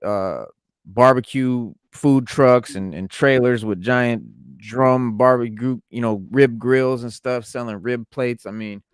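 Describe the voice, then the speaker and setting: A man's voice: mid-range voice, takes it slowly, clean tone, no echo, studio quality. A man from New York co-hosting a podcast, telling stories in a laid-back, slangy way. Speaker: podcast co-host. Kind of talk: casual chat.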